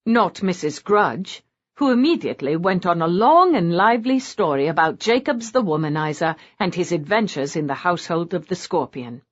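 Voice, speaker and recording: A woman narrating a romance audiobook in a scripted style, with a lively, varied delivery. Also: lowish voice, normal speed. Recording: dull lo-fi audio.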